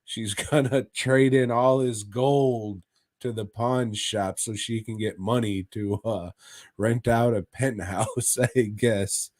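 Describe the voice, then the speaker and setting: A man's voice: fairly low pitch, fairly even intonation, slow, darkish tone, no room sound, clean studio sound. A man co-hosting a podcast, recapping episodes in a crude, joking way and laughing as he talks. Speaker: podcast co-host. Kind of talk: casual chat recapping a horror anthology.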